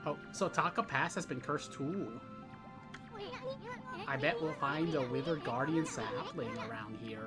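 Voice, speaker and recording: A woman voicing a tiny cheeky male sidekick in a slow, cheerful Minnesota accent. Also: rumbling low, music in the background. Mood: upbeat. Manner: cheerful, drawn-out delivery. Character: tiny cheeky male wandering bug-sized artist sidekick.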